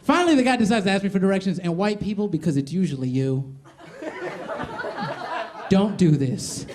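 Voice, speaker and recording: A young man performing a stand-up comedy set on a club stage, talking quickly and jumping in and out of put-on voices. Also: sits high, lively intonation, noisy background. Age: young adult. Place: comedy club stage before a laughing crowd. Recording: live club crowd laughter behind.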